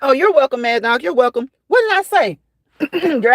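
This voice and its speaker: A woman's voice: high-pitched, animated, moderate pace, no echo. A woman hosting a casual livestream, chatting and fussing while she answers viewers by name. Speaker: livestream host reading chat.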